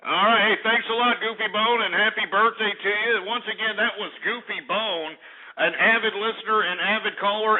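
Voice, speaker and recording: A man hosting a talk radio show, ranting in an angry, profane, sarcastic way. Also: high-pitched. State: out of breath. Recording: tinny phone-like radio recording.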